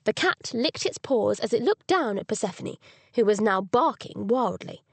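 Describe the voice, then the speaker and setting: A woman reading a cozy mystery audiobook as narrator, with expressive storytelling on a close studio mic. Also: a little high, normal speed, dry recording. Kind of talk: scripted narration.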